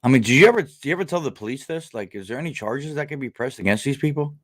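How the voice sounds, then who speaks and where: A man's voice: medium pitch, lively intonation, very fast. Blunt, profane man chatting live. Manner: blunt and profane, many fillers and restarts; indignant, rising into outrage. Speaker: livestream host. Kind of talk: casual live chat with viewers.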